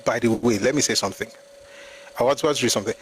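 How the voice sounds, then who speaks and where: A man's voice: mid-range voice, fast talker, a little hiss or hum, poor audio. A man with a Nigerian accent, hosting a live history talk and arguing his points with rhetorical questions. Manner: argumentative, full of rhetorical questions. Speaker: host.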